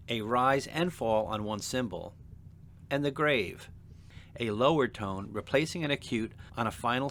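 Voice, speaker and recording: A man teaching a seminary language lesson in a measured, deliberate, scripted narration. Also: fairly low pitch, fairly bright tone, slight background noise. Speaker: seminary instructor.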